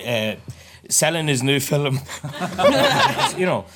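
Joking man with a lively voice. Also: a little high, noisy background. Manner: joking, drawn-out, laughs at own jokes. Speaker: podcast panelist. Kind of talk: casual chat.

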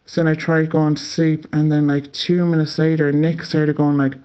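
A young Irish man tells a story in a loose, chatty way, dropping swear words and "like" all through. His voice sits a touch higher than most men's. The recording is a bit dull and muffled. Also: flat delivery, moderate pace, warm tone, clean tone. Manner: chatty, swears often, many filler "like"s. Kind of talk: casual spoken storytelling. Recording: slightly muffled lo-fi audio.

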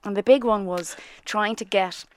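A woman, co-hosting a podcast in casual chat, an animated storyteller who acts out quotes. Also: mid-range voice, moderate pace, no echo. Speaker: podcast co-host.

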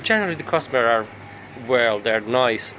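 A man's voice: mid-range voice, expressive, normal speed, background noise. A man working at a petrol station, answering hesitantly and politely. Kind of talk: street interview.

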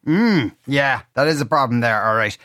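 A man's voice: medium pitch, lively intonation, moderate pace, bright, forceful tone, a little hiss or hum. A man hosting a radio talk show, reading listener messages with wry, teasing banter. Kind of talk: casual radio chat. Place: radio studio. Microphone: studio mic.

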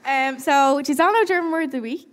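A woman's voice: high-pitched, fast, background noise. A young woman co-hosting a live stage show, giggly and self-deprecating as she quizzes a guest. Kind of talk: live stage banter with audience. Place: stage in front of a live audience. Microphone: handheld stage mic.

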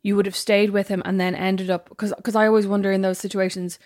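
A woman co-hosting a podcast, chatting in an animated, self-deprecating way. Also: mid-range voice, quick pace. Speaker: podcast co-host. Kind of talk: casual chat.

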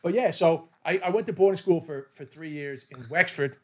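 A man's voice: fairly high pitch, moderate pace, darkish tone, no room sound, studio quality. A man with an American accent, a comedian talking as a podcast guest in a frank, self-mocking way with plenty of swearing. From New York, USA. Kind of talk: candid casual chat.

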